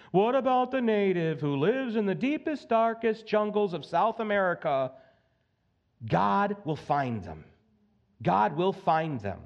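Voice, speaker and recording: A man preaching a sermon to his congregation in a lively, conversational way, often checking in with "okay?" and acting out voices. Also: sits high, dull audio. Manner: animated, conversational, acts out voices, keeps asking "okay?". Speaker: pastor. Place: church sanctuary.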